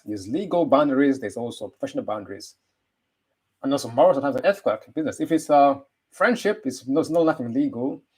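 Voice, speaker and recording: Husky-voiced man asking rhetorical questions. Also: medium pitch, a little mellow. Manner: rambling, full of rhetorical questions. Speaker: motivational speaker. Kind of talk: motivational monologue.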